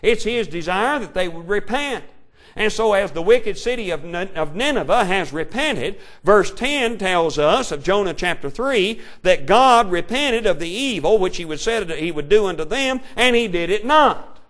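Male preacher, sermon, fairly high voice, very lively pitch, loud-to-quiet swings. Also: moderate pace. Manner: rises and falls between loud preaching and quiet asides; old-style King James reading cadence. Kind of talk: sermon with scripture reading.

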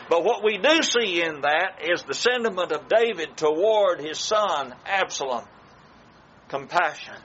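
A man preaching a sermon to his congregation, slow and emphatic, with dramatic pauses. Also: high-pitched, a bit bright, dull audio, a little hiss or hum.

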